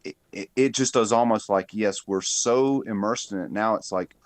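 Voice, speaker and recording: A thoughtful man with a low voice works through his ideas in a casual chat, stopping and restarting his sentences often. The recording is close and dry. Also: normal speed, no echo. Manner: thoughtful, hesitant, many restarts. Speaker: show co-host.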